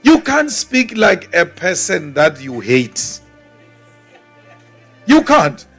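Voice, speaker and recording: This is a South African man giving a political speech in a high, ringing voice. He speaks slowly and deliberately, with defiant weight on each point, and faint music plays behind him. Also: wildly swooping pitch, husky. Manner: forceful, defiant, repeats phrases for emphasis; mimics timid voices mockingly. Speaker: politician addressing a crowd.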